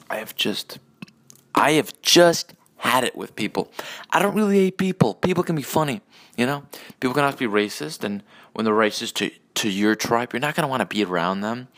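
A man hosts his own podcast, ranting alone in a profane, rambling, sarcastic solo monologue packed with restarts and asides. His voice is on the low side with a somewhat bright tone.

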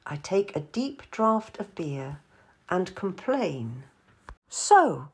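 A woman narrates a historical novel in the first person. She reads in a quiet, measured way, and her pitch moves around a lot. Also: breathy edge. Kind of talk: audiobook narration.

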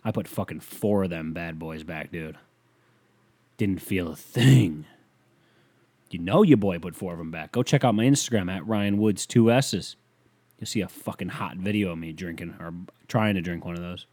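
A man's voice: low-pitched, moderate pace, darkish tone, dry recording. A young man hosting a solo podcast, rambling through stories in a laid-back, profane way. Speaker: podcast host. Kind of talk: casual solo chat.

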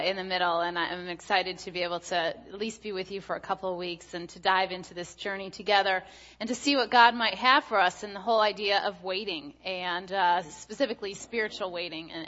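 A woman's voice: medium pitch, sharp tone, dull audio. A woman in her thirties, a guest speaker giving a chatty, story-filled sermon with many filler words.

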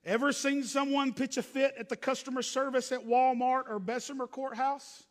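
A man preaching a sermon as pastor, swinging from loud emphatic preaching to low, hushed asides. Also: fairly even intonation, moderate pace, in a large hall.

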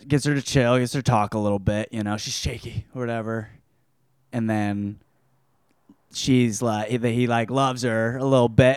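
A man gives a casual, crude book review on his podcast and rambles through the plot. His voice is smooth and resonant. The recording is dry, with no room echo. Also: medium pitch. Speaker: podcast host.

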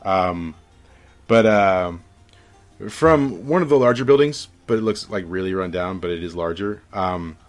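A man's voice: low voice, a little slow, soft background music. A man narrating a tabletop game as game master, rambling with many fillers.

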